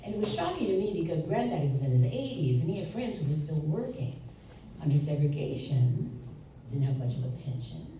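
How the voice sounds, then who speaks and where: Animated woman telling a story on stage. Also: low voice, a little fast, recorded from a distance. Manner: animated, humorous, acts out voices. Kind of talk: live story slam storytelling. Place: live stage with audience. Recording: echoey live stage from afar. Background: audience laughter and room noise.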